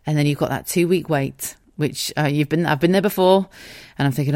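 A woman tells her own story straight into a close podcast mic at home, with a low voice. She is frank, animated and sweary, and slips into quoted voices as she talks. The sound is dry, with little room around it. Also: a little fast, dry recording. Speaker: podcast host. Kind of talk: personal storytelling monologue. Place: home, dogs audible nearby.

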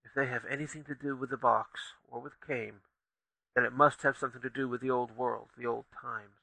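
A man voicing a frightened furry male tribesman who speaks softly and fearfully of his zealot past, in a storybook reading. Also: mid-range voice, fairly even intonation, fairly quick, creaky, dry recording, low-quality recording. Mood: hushed fearful. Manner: hushed, trembling, fearful.

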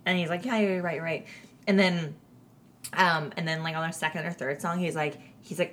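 A woman's voice: lowish voice, normal speed, slight background noise. A woman co-hosting a casual podcast, telling stories and acting out what people said, laughing often. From Canada. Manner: animated storyteller, acts out quotes, laughs often. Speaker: podcast co-host. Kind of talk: casual chat, storytelling.

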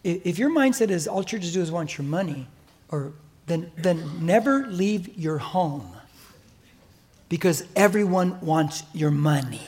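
A man's voice: fairly high pitch, expressive, unhurried, a little mellow, breathy edge. An older man with an American accent preaching a sermon as pastor in a church, emphatic and exhorting. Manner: emphatic, exhorting, mimics listeners' excuses.

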